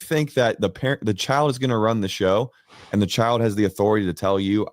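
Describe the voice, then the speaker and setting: Brief: male commentator, lowish voice, earnest and lecturing, dry sound. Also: fairly quick, no room sound. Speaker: commentator in a played clip. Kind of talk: opinion commentary.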